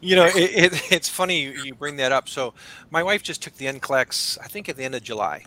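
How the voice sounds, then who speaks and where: A man's voice: fairly high pitch, animated, brisk, pushed and bright. A man hosting a podcast and teaching exam prep, chatting conversationally and agreeably with plenty of "you know". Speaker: podcast host and exam instructor. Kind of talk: casual podcast chat.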